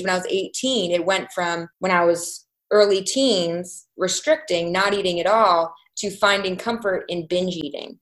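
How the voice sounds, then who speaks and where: A woman around thirty, telling her personal story as an interview guest in a candid, reflective way, halting at painful points. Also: fairly low pitch.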